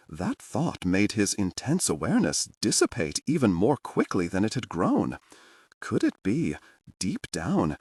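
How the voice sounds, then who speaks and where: A man narrating a fantasy audiobook with expressive storytelling. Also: lowish voice, husky, dry recording. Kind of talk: scripted narration.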